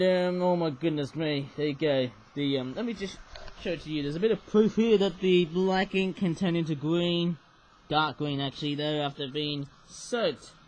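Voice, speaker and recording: Man, somewhat raised pitch, rambling toy-review vlogger, chatty asides, faint noisy room. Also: a little mellow. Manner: rambling, chatty, frequent "oh my goodness me" and "eh?". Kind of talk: casual toy review vlog.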